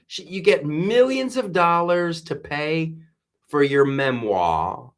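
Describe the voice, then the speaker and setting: A man's voice: on the high side, sing-song, slow pace, fairly bright tone. A man hosting a live stream, talking politics in a rambling, exasperated way with many restarts while reading viewer comments. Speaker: host.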